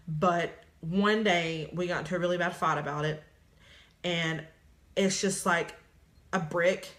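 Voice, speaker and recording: A woman co-hosting a casual chat, talking earnestly about her feelings and often trailing off. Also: fairly low pitch. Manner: earnest, soft-spoken, trails off. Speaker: co-host, partner.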